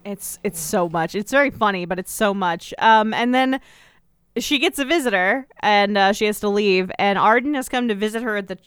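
A woman co-hosting a podcast, summarizing a TV episode in casual chat with a wry, deadpan manner. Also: mid-range voice, smooth, no room sound, studio quality. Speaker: podcast co-host.

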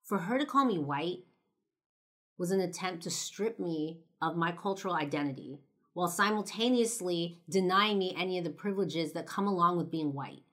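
Low-voiced young woman, chatty. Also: normal speed, fairly bright tone. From Los Angeles, United States. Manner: loose and chatty, full of "like" and "you know", blunt swearing. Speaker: vlogger. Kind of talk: casual storytelling to camera.

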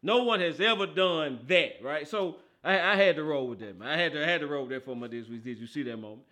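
Guy hosting a football podcast, laughs a lot, bright tense tone. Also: fairly high pitch, fast talker. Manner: animated, laughing often, slangy banter. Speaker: podcast host. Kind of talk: casual football talk show.

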